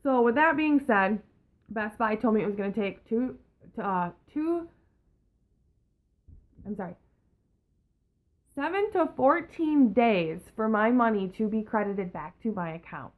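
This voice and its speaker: A young woman in a casual storytime vlog, telling a story in an angry, profane, animated way. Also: on the high side, measured pace, pauses often. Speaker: vlogger.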